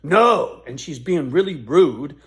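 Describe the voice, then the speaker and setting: A man's voice: mid-range voice, slow pace. A man in his fifties telling a story to his viewers in a casual, rambling, profane way. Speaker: YouTuber.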